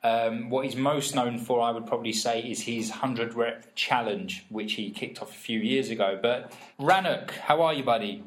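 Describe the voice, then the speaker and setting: A man's voice: mid-range voice, normal speed. A man hosting a podcast, chatty and enthusiastic as he introduces his guest. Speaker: podcast host.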